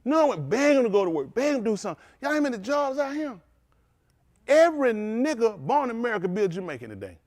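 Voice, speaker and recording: A man preaching a sermon as pastor, telling stories with lively calls out to his congregation. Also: very high voice, fast talker, no room sound, studio quality.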